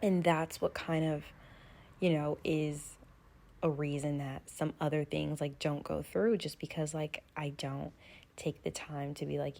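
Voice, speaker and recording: A woman's voice: deep voice, creaky, warm tone. A young woman vlogger in a casual sit-down chat, talking candidly and loosely with lots of "like" and "um". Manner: chatty, frequent "like" and "um", candid.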